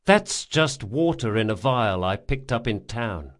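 A man voicing a wily, stubborn young male thief with quick, wry retorts in an audiobook. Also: on the low side, expressive. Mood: defiant wry. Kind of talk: audiobook character voice.

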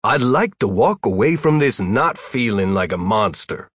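A man's voice: mid-range voice, very animated, moderate pace, fairly bright tone, slightly rough, dry recording, studio quality. A man voicing a weary, put-upon adult male wizard who grumbles in a sardonic way. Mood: wry.

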